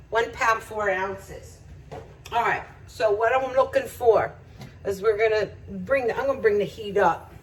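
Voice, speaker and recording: A woman's voice: medium pitch, distant mic, low-quality recording. A woman making a home cooking video, chatting to viewers as she cooks and laughing often. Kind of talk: casual cooking demonstration. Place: home kitchen.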